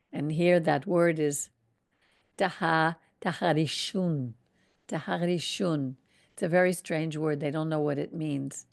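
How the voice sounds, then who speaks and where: A woman with a lowish, gravelly voice reads scripture at an unhurried, deliberate pace. She stops often to reflect in a conversational way before returning to the text. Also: darkish tone. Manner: reflective, breaks off the reading for conversational asides. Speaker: Torah teacher. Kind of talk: scripture reading with commentary.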